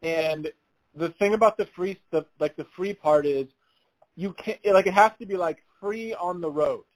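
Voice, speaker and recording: A man with a notably high-pitched voice tells a story on a casual podcast. He acts out the other people's lines and breaks into laughter along the way. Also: normal speed, low-quality recording. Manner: animated storyteller, laughs while telling, acts out quotes. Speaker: podcast co-host.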